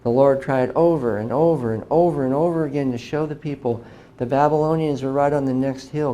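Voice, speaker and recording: A man's voice: mid-range voice, fairly quick, dark tone, slight background noise. A middle-aged man giving an emphatic lecture to a live audience, often asking rhetorical questions. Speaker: speaker lecturing on religion.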